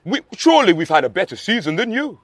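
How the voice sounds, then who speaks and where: A man's voice: high-pitched, very animated, fast, dry recording, pitched below the performer's own voice. A man impersonating an upbeat interviewer who asks fans questions in a presenter's manner. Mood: presenting. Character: male fan-channel interviewer, brisk and upbeat. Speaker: mock interviewer.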